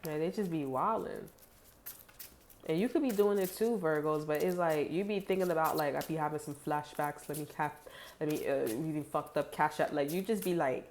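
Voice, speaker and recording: Woman, casual tarot reader talking to camera, low-pitched, profane, rambling with fillers. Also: measured pace, a little mellow, a little hiss or hum. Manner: chatty and blunt, heavy swearing, many "like" fillers. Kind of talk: casual tarot reading to viewers.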